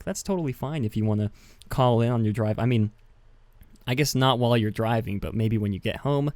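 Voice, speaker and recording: A man's voice: mid-range voice, no echo. A man hosting a podcast in a casual, chatty, self-mocking way, often giggling at his own jokes. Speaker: podcast host. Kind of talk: casual chat. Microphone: webcam with mic.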